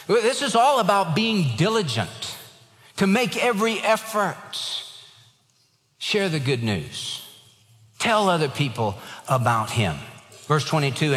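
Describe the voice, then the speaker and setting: A man's voice: a little high, sing-song, slow pace, a bit bright. A man preaching a sermon in an earnest, emphatic way, with an easy storytelling touch. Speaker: pastor. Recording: long hall reverb.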